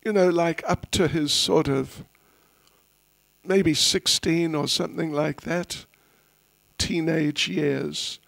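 A man giving a spiritual festival class, telling a story in an unhurried, anecdotal way and chuckling at his own asides. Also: on the high side, steady tone, creaky, fairly bright tone, dry recording, studio quality. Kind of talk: storytelling sermon.

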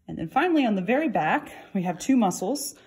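A woman's voice: mid-range voice, sing-song, quick pace, a little mellow, husky. A middle-aged woman anatomy instructor giving a recorded lab lesson, explaining patiently while turning a model.

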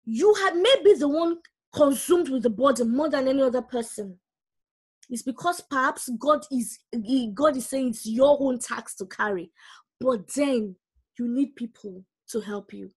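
A woman's voice: high-pitched, unhurried, a little mellow, husky. A woman preaching a sermon, reading scripture aloud and urging her listeners directly.

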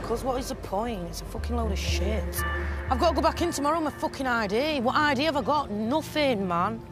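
Young woman filming herself, high-pitched and blunt, echoey camera audio over faint music. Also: animated, fairly quick. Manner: blunt, sweary, agitated. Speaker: documentary subject. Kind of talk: self-filmed video diary. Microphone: handheld camera she holds herself. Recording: echoey handheld camera sound.

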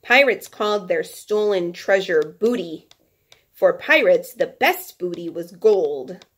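A woman's voice: on the low side, lively intonation, slow, breathy edge. A woman teacher reading a children's nonfiction book aloud to her class, breaking off for chatty, playful asides.

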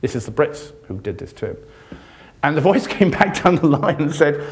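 Older british man, impassioned lecture, sardonic, pitch leaping on key words, university hall. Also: very animated, fast. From Britain. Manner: impassioned, sardonic, pitch swings widely when stressing points. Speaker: journalist giving a lecture. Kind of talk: passionate public lecture.

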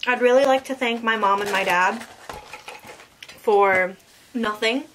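A woman's voice: a little high, a little slow, fairly bright tone, a little hiss or hum. A young woman hosting a casual eating vlog, teasing her friend and talking with her mouth full. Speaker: vlogger host. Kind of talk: casual chat while eating.

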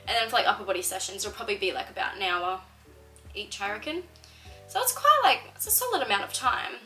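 Chatty Australian young woman, bright voice. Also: mid-range voice, very animated, fast, faint music behind, poor audio. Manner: chatty, fills speech with "like". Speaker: fitness content creator. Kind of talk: casual Q&A vlog.

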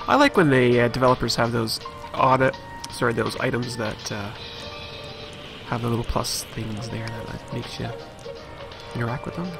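A man's voice: medium pitch, normal speed, vocal fry. A man giving casual, chatty commentary while playing a video game, thinking aloud and putting on mock outrage at times. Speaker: let's play commentator. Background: game music.

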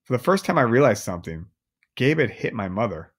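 A man's voice: medium pitch, sing-song, brisk, breathy edge. Man reading a novel aloud. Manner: casual, chatty asides to listeners. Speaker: audiobook reader.

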